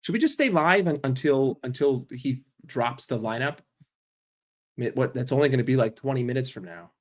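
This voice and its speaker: A New York man, a football fan streamer, rants casually and profanely during a live stream, rambling between jokes and opinions. His voice is medium-pitched at a normal speed.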